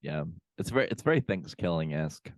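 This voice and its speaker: Deep-voiced man, laid-back podcast co-host. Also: expressive, brisk, no echo. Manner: laid-back, drawling, lots of "like" and "yeah". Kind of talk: casual chat reviewing a film. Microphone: video call.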